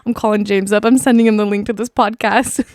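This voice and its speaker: A woman's voice: medium pitch, fairly even intonation, normal speed, a little mellow, dry recording. A young woman hosting a podcast, chatting casually and laughing easily. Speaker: podcast host. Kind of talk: casual chat.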